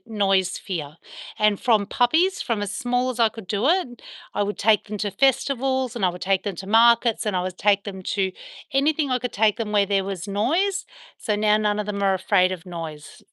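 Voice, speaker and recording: Bright-voiced Australian woman chatting on a livestream. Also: medium pitch, clear, resonant tone, no room sound, studio quality. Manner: chatty, reads and answers viewer comments, soft baby talk to the dogs. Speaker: dog owner livestreaming with her dogs. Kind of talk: casual livestream chat with viewers. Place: at home on a veranda.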